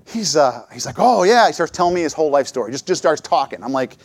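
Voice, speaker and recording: A man's voice: mid-range voice, quick pace, dry recording. A middle-aged man giving a church talk, telling personal stories and acting out what he and others said. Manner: lively storytelling, acts out his own quotes. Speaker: church speaker.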